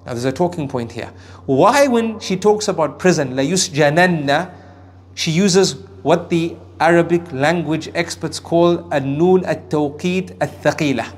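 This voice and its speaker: A male preacher with a high voice gives a sermon on Quran verses. He climbs into raised emphasis, then drops into hushed asides, and says Arabic phrases with care. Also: moderate pace, a little hiss or hum. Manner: recites Arabic phrases with careful pronunciation. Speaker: Islamic preacher.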